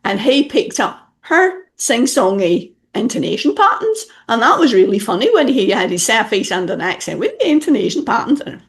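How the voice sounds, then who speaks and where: Animated British-raised woman podcast host. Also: fairly high pitch, normal speed, hardly any pauses. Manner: animated storyteller, playful. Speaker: podcast host, message clarity specialist. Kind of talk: casual interview chat.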